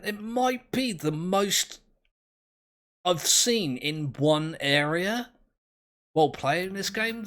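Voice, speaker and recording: A man's voice: high voice, pushed and bright. A man, commentating his own game play in a rambling, self-mocking, easily amused way. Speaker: gameplay commentator.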